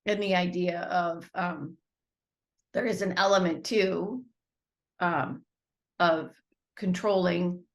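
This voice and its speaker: Slow, thoughtful woman co-host. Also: lowish voice. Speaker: podcast co-host. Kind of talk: reflective conversational chat.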